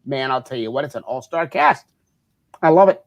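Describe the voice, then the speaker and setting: A man's voice: medium pitch, animated, normal speed, vocal fry. A middle-aged man co-hosting a casual chat show, rambling and teasing like a big brother. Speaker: co-host.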